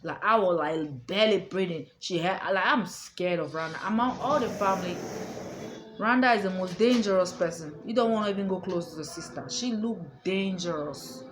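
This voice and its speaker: A woman's voice: lowish voice, moderate pace, over music. A woman telling a family story to her viewers in a casual, emphatic way, repeating her points and checking that the listener understands. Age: adult. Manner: emphatic, repetitive, addresses listener directly.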